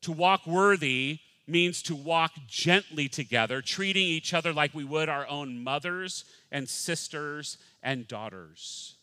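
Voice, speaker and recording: Animated, bright-voiced preaching man. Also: a little high, a little slow, few pauses, dry recording. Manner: animated, acts out voices, swings from loud to hushed. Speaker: pastor. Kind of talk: sermon.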